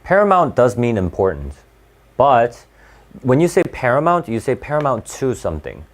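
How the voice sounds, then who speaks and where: A man teaching an SAT class live, talking in a halting, conversational way with frequent restarts and fillers. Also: mid-range voice, huge pitch swings. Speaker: SAT tutor.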